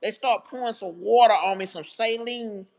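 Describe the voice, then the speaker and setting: A woman with a medium-pitched, creaky voice and a darkish tone hosts a livestream at normal speed. She tells her viewers a personal story in a heartfelt, chatty, casual way, talking to chat.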